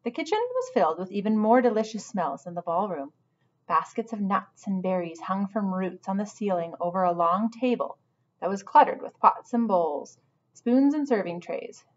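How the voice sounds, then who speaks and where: A woman teacher reads a storybook aloud in a patient, instructive way, stopping to guide her listeners. Her voice sits at an ordinary pitch. The recording is dull and lo-fi. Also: animated, normal speed. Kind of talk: storybook read-aloud with asides to students.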